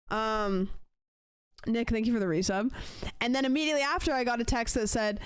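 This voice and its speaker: A young woman streams from a dry, close-miked space, her voice smooth and clear. She rambles through a story for her chat, casual and animated, putting on quick voices for the people she quotes. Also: a little high, dry recording. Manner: chatty, animated retelling with acted-out quotes.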